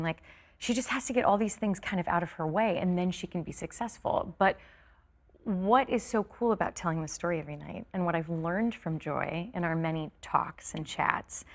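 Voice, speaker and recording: A woman from California, a stage actress, chatting as an interview guest, tired and quick with many fillers and restarts. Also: on the low side. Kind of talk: casual interview chat.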